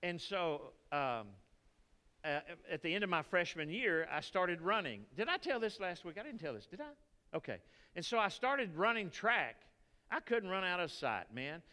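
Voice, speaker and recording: A man with a Texan accent preaching a sermon as pastor, folksy and animated, telling stories to the congregation. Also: sits high, moderate pace, clear, resonant tone, in a large hall. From Texas.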